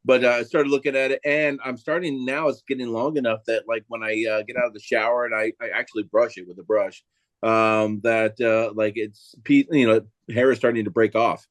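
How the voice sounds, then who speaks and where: A man's voice: medium pitch, steady tone, a little fast, no echo. Hesitant rambling man, dry close sound. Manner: rambling and hesitant, many fillers and restarts. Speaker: podcast co-host. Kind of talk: casual chat.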